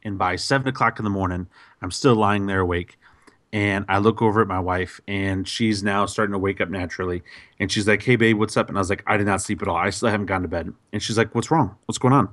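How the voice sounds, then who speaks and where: A man on a podcast telling a story in a casual, animated way, with many fillers and restarts. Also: sits low, quick pace, dry recording. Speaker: podcast host.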